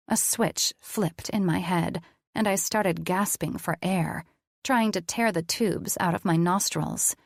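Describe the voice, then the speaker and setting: A woman narrating an audiobook in the first person, in a measured, even way. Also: lowish voice, creaky, dry recording, studio quality.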